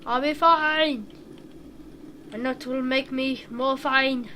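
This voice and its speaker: A young woman with a high voice chats through her gameplay at an unhurried pace, rambling and humming little tunes as she drives. Loud engine and game sounds run underneath her talk. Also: fairly even intonation. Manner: rambling, chatty, hums and sings little tunes while playing. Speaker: gaming video creator. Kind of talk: casual gameplay commentary. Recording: clear game engine noise behind.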